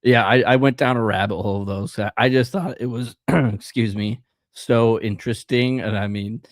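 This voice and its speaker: A man's voice: medium pitch, steady tone, normal speed, dry recording. A young man co-hosting a casual podcast chat, rambling and acting out quotes in silly voices. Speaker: podcast co-host.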